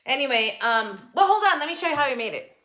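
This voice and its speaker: A woman's voice: high voice, animated, fast talker. A woman hosting a casual crafting vlog from her home craft table, chatty and rambling. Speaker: craft channel host.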